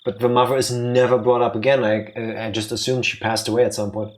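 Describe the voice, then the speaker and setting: A man co-hosting a let's play, chatting casually and thinking out loud, often restarting his sentences. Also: medium pitch, level tone, quick pace. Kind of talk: casual chat while playing.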